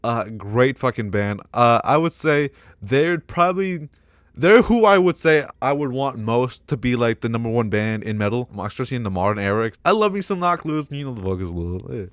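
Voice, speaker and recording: A young man rambling casually as a vlogger, excitable, swearing a lot and laughing often between remarks. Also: medium pitch, fairly quick, no echo.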